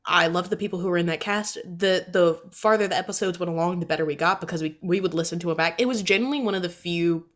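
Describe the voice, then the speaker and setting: A woman's voice: lowish voice, quick pace, hardly any pauses. A young woman chatting casually as a guest on a stream, rambling and breaking off her sentences, often laughing. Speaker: voice actor guest.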